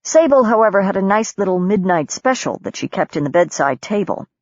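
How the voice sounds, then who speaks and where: A woman narrating an audiobook in a measured, steady storytelling voice. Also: medium pitch, no echo, lo-fi sound. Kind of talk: scripted narration.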